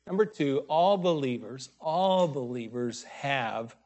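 Slow, deliberate male preacher. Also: medium pitch, expressive, lo-fi sound. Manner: unhurried, pausing often, stressing scripture loudly. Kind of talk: sermon.

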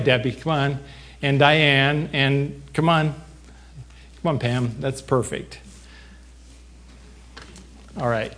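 A man preaching a sermon, talking to the congregation in an unhurried, conversational way and joking now and then. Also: mid-range voice. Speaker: pastor. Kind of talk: sermon with a live demonstration.

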